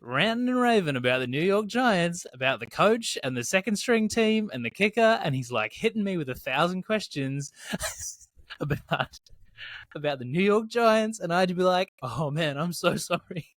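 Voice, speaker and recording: A man in his thirties, a podcast co-host telling animated stories in casual chat, swearing and acting out what people said. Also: sits high, normal speed, no room sound. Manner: animated storyteller, swears, acts out his own quoted lines.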